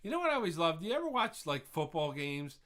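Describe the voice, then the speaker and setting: A man's voice: on the high side, very animated, fast, a bit bright. A man hosting a live online trivia quiz, chatty and laughing at his own jokes, drifting into rambling rants between answers.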